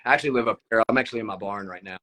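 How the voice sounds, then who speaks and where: A man with an Appalachian Southern accent, a musician guest in a casual chat over a video call from his barn, relaxed, joking and swearing freely. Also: fairly low pitch, very fast, poor audio.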